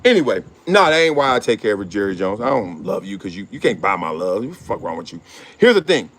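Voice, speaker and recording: Animated man with a lively, swinging pitch. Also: quick pace. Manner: animated, slangy, laughs often, acts out quotes. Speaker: show host. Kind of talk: casual commentary monologue.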